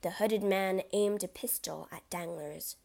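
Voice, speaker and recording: A woman's voice: mid-range voice, fairly even intonation, a little slow, creaky, a little mellow. A woman reading a classic adventure story aloud as narrator, with a dramatic delivery.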